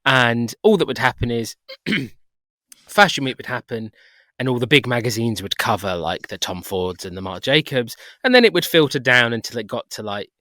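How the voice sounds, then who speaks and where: Male podcast guest, mid pitch, anecdotal, dry close sound. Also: lively intonation, normal speed, bright, forceful tone, no room sound. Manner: storytelling, laughs at himself. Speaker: hairstylist guest. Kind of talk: casual chat.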